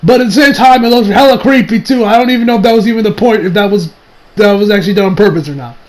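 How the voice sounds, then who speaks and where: Excitable male anime reviewer with a high voice, casual and profane. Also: fast, rough recording. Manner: excitable, swears freely, laughs often. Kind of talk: casual episode recap.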